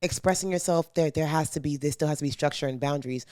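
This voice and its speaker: A young woman co-hosting a podcast in casual chat, blunt and animated, swearing freely and acting out quoted voices. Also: deep voice, fast talker, dry recording, clean studio sound. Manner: acts out quoted kids and parents in a raised voice. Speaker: podcast co-host.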